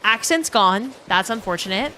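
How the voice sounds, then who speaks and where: A woman's voice: medium pitch, expressive, normal speed. A woman from New Orleans streaming a game, chatting casually with viewers, reading chat aloud and swearing freely into a desk mic. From New Orleans, USA.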